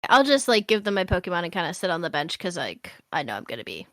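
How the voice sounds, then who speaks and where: A woman's voice: on the low side, very animated, fast, fairly bright tone, no echo, clean studio sound. A woman playing in a tabletop role-playing game, chatting casually with a light, giggly manner. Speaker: player.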